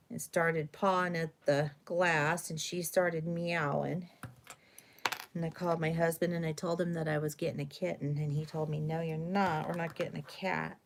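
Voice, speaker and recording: Brief: middle-aged woman, low voice, chatty live-stream host who rambles through stories, faint hiss behind. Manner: rambling, chatty, with fillers and self-corrections. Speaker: craft video host. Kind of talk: casual storytelling during a live stream.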